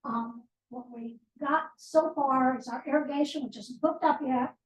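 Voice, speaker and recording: A woman with a high voice gives a guest talk at a team meeting. She explains things plainly and adds wry asides. She sounds far from the microphone, in a reverberant office room. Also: steady tone, normal speed. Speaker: guest speaker, nonprofit board president. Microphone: distant room microphone.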